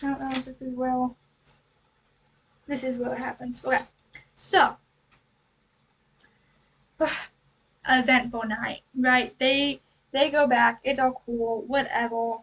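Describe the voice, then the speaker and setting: Woman vlogger, high voice, mic set back from her; breezy recap full of "right?" and quick asides. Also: little pitch movement, a bit bright, breathy edge, far from the mic, rough recording. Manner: chatty, rhetorical questions, acts out lines in quick asides. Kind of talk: casual book recap and analysis.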